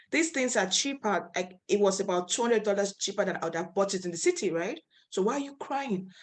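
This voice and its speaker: A woman from Nigeria, a nonprofit founder, telling her story as a guest speaker over a video call, earnest and passionate. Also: medium pitch. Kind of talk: interview storytelling.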